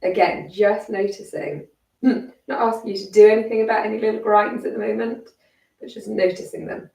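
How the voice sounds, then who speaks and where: A croaky woman instructor talks a class through gentle neck and shoulder stretches, calm and encouraging. Her voice has a gravelly edge, and she sounds a little far from the mic in an echoey room. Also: mid-range voice, a little fast. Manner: calm, encouraging step-by-step cueing. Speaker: fitness instructor.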